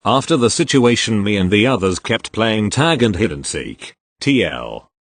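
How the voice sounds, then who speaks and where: A man's voice: fairly low pitch, sing-song, normal speed, fairly bright tone, dry recording. A man reading online stories aloud, spelling out abbreviations letter by letter. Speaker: narrator reading online posts.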